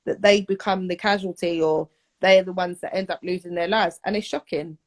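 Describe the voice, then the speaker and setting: A peer educator tells a frank story in a casual discussion. Her voice sits slightly low. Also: fairly even intonation, a little fast.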